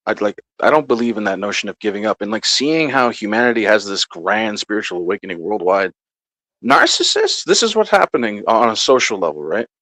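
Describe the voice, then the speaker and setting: A man's voice: on the low side, big pitch swings, a little fast, a bit bright, no room sound, rough recording. Blunt, profane ranting man. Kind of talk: heated casual panel talk.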